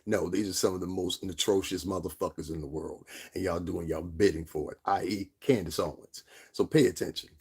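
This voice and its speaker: A man from Connecticut telling a long, profane story as a lecture to his viewers, sometimes mimicking others in a high voice. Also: fairly even intonation, brisk, hardly any pauses, a little mellow, husky. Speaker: vlogger. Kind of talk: angry storytelling rant.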